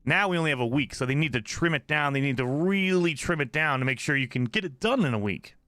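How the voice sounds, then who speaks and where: A man streaming a game live, chatting casually and excitedly to his viewers while saying he is exhausted from little sleep. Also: a little high, quick pace, no room sound. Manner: excitable, rambling, talks to chat. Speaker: gaming streamer.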